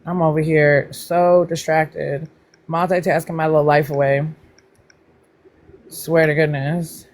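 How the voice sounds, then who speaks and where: A chatty woman hosts a casual livestream and talks straight to her viewers. She greets people by name in a voice that leaps up high, then drops back down to relaxed, playful teasing. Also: slow pace, pauses often. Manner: pitch jumps up high when greeting people. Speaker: livestream host.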